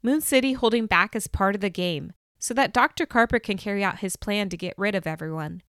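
Woman reading small threatening girl, contemptuous, scheming, mid pitch, dry. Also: a little fast, fairly bright tone, smooth, no echo, close to an everyday voice. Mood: scornful. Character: small menacing girl, scornful and cold.

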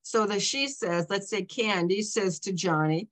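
She speaks at a moderate pace with a mid-range voice and barely pauses at all. A seventy-something author telling stories casually, she rambles and often breaks in on herself with "okay?" and "you know."

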